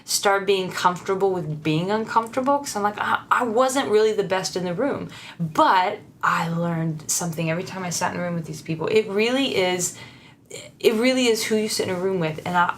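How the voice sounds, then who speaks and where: A woman's voice: fairly low pitch, fairly quick, slight background noise. Laughing, candid woman songwriter. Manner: laughs often, warm and candid, with frequent restarts; earnest and encouraging. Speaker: songwriter guest. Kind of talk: casual interview chat.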